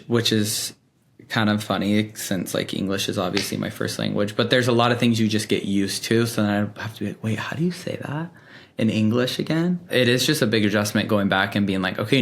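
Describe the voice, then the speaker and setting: Chatty young man, low voice. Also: a bit bright. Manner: chatty, many fillers, laughs often. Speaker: podcast guest. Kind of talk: casual storytelling.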